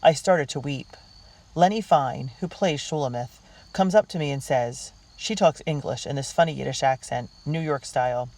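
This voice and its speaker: A reader narrating a diary storybook in a girl's first-person voice, earnest and unhurried. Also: medium pitch, darkish tone, poor audio. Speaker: audiobook reader.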